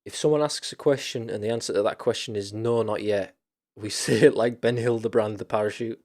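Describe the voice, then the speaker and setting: A man's voice: on the low side, steady tone, fairly quick, a little mellow. A man hosting a casual chat stream, rambling loosely with lots of fillers, restarts and casual swearing.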